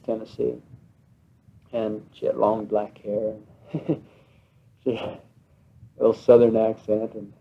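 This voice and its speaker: A man's voice: on the low side, vocal fry, breathy edge. A young American man on a mission abroad, chatting on a tape letter to his family at home, laughing often and sounding homesick. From United States. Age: young adult. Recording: lo-fi 1960s home tape, phone-like band.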